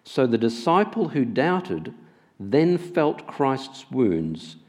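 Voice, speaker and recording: A man preaching a sermon in a church, telling the story with expressive asides. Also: medium pitch, slow.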